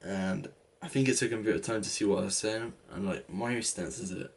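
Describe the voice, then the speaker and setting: A man's voice: lowish voice, brisk, vocal fry, slight background noise. A young man in his late teens with an English accent, rambling through a casual story with lots of "like" and restarts. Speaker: vlogger.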